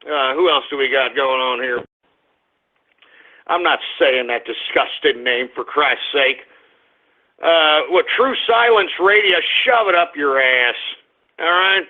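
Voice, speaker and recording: A man hosting an internet radio show, ranting and cursing angrily, dropping to grumbles and rising to shouts. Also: on the high side. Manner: angry, cursing, swings between grumbling and shouting. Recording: tinny phone-like radio stream.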